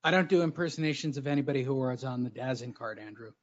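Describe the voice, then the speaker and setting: A man's voice: mid-range voice, quick pace. A man co-hosting a boxing talk show in casual chat, brash and crude as he needles his partner. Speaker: boxing podcast co-host. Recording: dull lo-fi audio.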